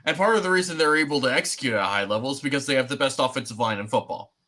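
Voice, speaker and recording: A man's voice: medium pitch, animated, rapid-fire, pushed and bright. A young man co-hosting a sports podcast, chatting casually and rambling with fillers. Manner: rambling, many fillers and restarts. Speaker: podcast co-host.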